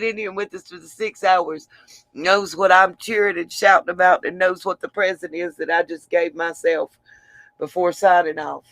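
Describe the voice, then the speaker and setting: A woman's voice: lowish voice, steady tone, normal speed, fairly bright tone, no echo. A woman hosting a livestream, chatting affectionately with viewers and laughing often, tired after a long stream. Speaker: livestream host. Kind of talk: casual livestream sign-off chat.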